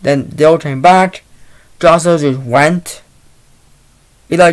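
A man giving a casual movie review, retelling the plot in a halting, rambling way into a laptop mic. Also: a little high.

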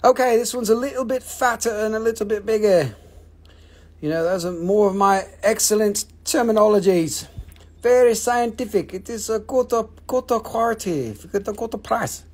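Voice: mid-range voice, moderate pace, a little mellow, husky. A live-stream rock and mineral seller chatting casually, with joking, profane, rambling sales patter.

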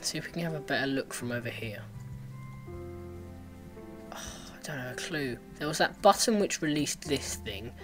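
A man talks through a parkour run at his computer, half to himself, muttering and then breaking into sudden frustrated yelps. His pitch sits in the middle of the range, and soft game music plays faintly behind him. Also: expressive, normal speed, long pauses. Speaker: gaming let's player. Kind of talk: casual gameplay commentary.

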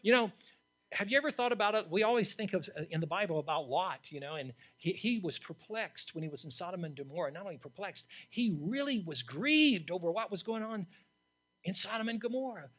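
A man's voice: high voice, expressive, a little fast. Blunt, emphatic older man preaching. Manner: blunt, emphatic preaching with swings from loud to hushed. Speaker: interim pastor. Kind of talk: sermon.

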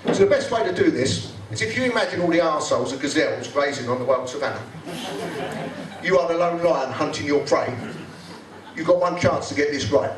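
Sweary stand-up comedian, echoey live room. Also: male voice, a little high, expressive. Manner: blunt, sweary, acts out office characters in quick voices. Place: live venue with audience laughter. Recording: echoey live room, mic picked up from a distance, crowd audible.

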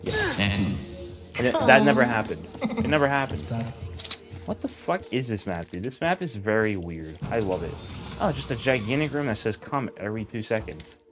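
A young man talks over a video game with lively, up-and-down delivery, joking crudely and yelling when something surprises him. Game music plays underneath his voice throughout. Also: fairly low pitch, normal speed. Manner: crude joking, loud excited outbursts. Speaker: gaming video host. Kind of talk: let's play commentary.

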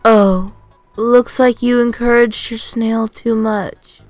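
A woman's voice: on the high side, steady tone, slow, a little mellow, no echo, soft background music. A woman co-hosting a let's play who laughs a lot, teases and swears. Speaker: co-host. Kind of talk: casual gameplay chat.

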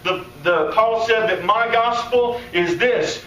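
Man preacher, animated sermon, bright high voice, echoey hall, picked up from a distance. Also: slow, hardly any pauses, muffled recording. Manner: animated, acts out quoted voices, laughs. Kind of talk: conference sermon. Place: conference hall. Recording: echoey hall, distant mic, faint room noise.

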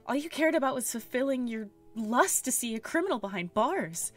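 A woman's voice: a little high, expressive, normal speed, faint music behind, pitched above the performer's own voice. A woman voicing a vengeful young woman who speaks in a bitter, accusing way.

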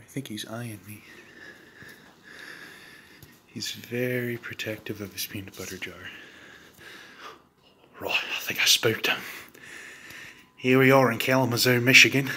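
A man playing a hushed male wildlife-documentary narrator, whispering softly. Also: mid-range voice, breathy edge, exaggerated voice. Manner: soft whisper, stalking a pet. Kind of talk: mock nature documentary.

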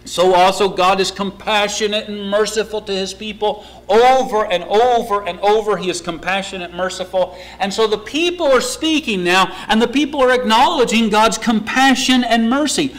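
A man's voice: high-pitched, lively intonation, moderate pace, fairly bright tone, rough recording. A man preaching a sermon in a church, earnest and questioning his listeners. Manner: earnest, asks the congregation questions.

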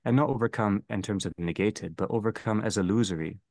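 A man leading a theology seminar, speaking slowly and deliberately and restating each phrase. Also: on the low side, darkish tone, no room sound. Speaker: seminar leader. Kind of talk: theology lecture.

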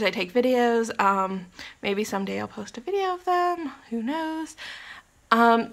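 A woman's voice: fairly high pitch, gravelly, bright, forceful tone. A young woman vlogging from her condo, chatting in a scattered, giggly way with plenty of ums and apologies. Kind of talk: casual rambling vlog chat.

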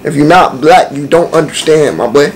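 Young male streamer with a high-pitched voice, brash and profane, roasting strangers in loose slang. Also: moderate pace, a little hiss or hum, low-quality recording. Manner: brash, profane slang banter with frequent laughter. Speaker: streamer on a random video chat app. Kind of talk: casual chat, roasting strangers.

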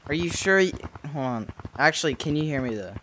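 Excitable young man streaming a game. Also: a little high, brisk, a little hiss or hum. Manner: excitable, loud outbursts. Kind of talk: casual gaming chat.

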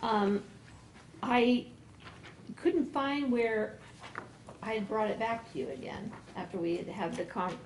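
A woman's voice: mid-range voice, gravelly, darkish tone, a little hiss or hum, low-quality recording. Woman methodically walking a commission through rules. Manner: methodical, with frequent pauses and restarts. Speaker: planning staff member presenting to a commission. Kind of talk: explaining code amendments at a public meeting. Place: meeting room.

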